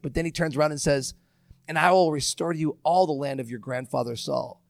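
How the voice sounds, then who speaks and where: A man's voice: on the high side, fairly quick, creaky, dry recording, studio quality. A male pastor preaching an impassioned, emphatic sermon, mixing scripture with casual slang.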